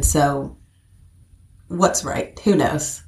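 A middle-aged woman with an American accent, chatting casually as an interview guest, animated and laughing often. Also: medium pitch, slow pace, roomy sound. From United States. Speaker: guest, actor.

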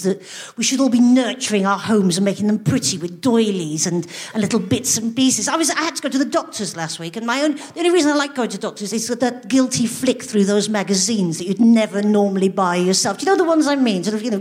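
A middle-aged woman, telling stand-up comedy on stage in a wry, animated storytelling manner with mock outrage. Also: medium pitch. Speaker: comedian and co-host. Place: theatre stage before a live audience.

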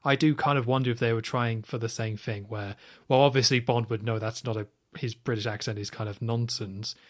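A man co-hosting a podcast, chatting casually and enthusiastically about a spy film. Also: medium pitch. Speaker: podcast co-host. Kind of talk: casual film review chat.

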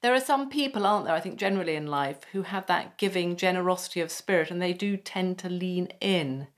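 A woman hosting an interview, reflective and murmuring steady agreement. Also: fairly low pitch, a little fast. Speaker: interviewer host. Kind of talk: interview conversation.

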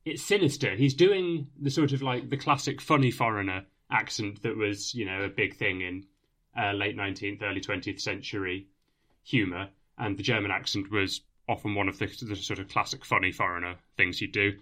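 A man's voice: on the low side, moderate pace, sharp tone. A man co-hosting a podcast, agreeing often and explaining points at length in casual chat. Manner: agreeable, explanatory, many yeahs. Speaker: podcast co-host. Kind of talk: casual chat reviewing a TV episode.

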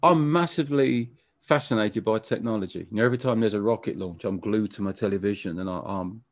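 A man being interviewed as a musician, talking casually in a halting way with frequent stammered restarts. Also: lowish voice, dry recording, studio quality. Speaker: musician guest.

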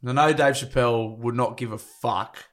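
A man's voice: mid-range voice, steady tone, normal speed. A man co-hosting a podcast in casual chat. He is blunt and crude in his banter and laughs often. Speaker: podcast co-host.

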